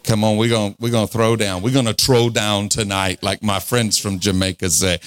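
Male preacher in his forties, low-pitched and fervent, playful with laughs, dry recording. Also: fairly even intonation, fairly quick, hardly any pauses, fairly bright tone, dry recording. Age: 40s. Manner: fervent, call-and-response, laughs often. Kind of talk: revival sermon.

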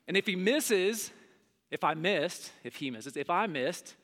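A middle-aged man preaching a sermon, telling stories and acting out scenes with big jumps in his voice. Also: normal speed. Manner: animated, acts out scenes with big pitch jumps. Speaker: pastor. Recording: long hall reverb.

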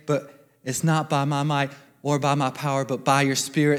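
A man's voice: mid-range voice, flat delivery, moderate pace, smooth. A man giving an earnest, exhorting church talk and quoting scripture. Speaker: mission team speaker. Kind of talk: sermon testimony. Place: church sanctuary.

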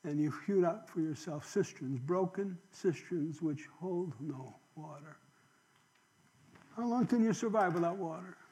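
High-voiced man preaching a sermon. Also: a little slow. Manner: preaching with rhetorical questions, swinging from loud to hushed; emotional, drops to a near whisper. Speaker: pastor.

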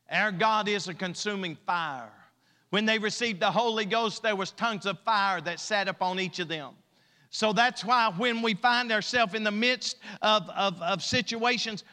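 Pastor, male, high bright voice, emphatic drawn-out preaching with humor, church hall reverb. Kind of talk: sermon. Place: church sanctuary.

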